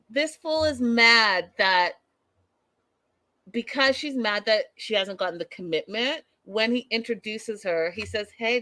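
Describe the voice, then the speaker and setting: A woman hosting a casual reality-show recap, sassy and animated, acting out what people said. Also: medium pitch, no echo. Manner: animated, sassy, acts out quotes.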